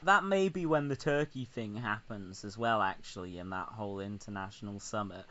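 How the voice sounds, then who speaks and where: A man's voice: fairly low pitch, moderate pace, fairly bright tone. A man co-hosting a podcast, sarcastic and sweary in casual comedic chat. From Britain. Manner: sarcastic, sweary, mocking impressions. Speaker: podcast co-host. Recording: slightly dull lo-fi sound.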